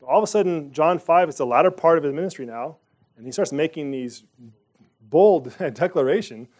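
A man leads a Bible study, reading scripture aloud and discussing it conversationally, with asides and questions for the group. His voice is on the high side and expressive, with a darkish tone, at normal speed.

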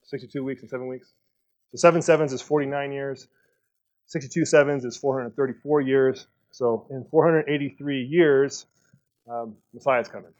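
A man teaching a Bible study in a relaxed, conversational way, thinking aloud with fillers and restarts. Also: mid-range voice, normal speed. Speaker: pastor. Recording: dull lo-fi sound.

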